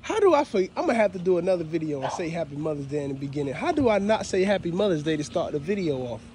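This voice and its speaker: A man's voice: a little high, animated, racing, darkish tone, a little hiss or hum. A man, talking casually and heartfelt to his viewers on a phone outdoors at his dog kennels. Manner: heartfelt, repetitive, addresses viewers as fam. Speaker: dog breeder vlogger. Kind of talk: casual thank-you vlog. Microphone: phone held while walking outdoors.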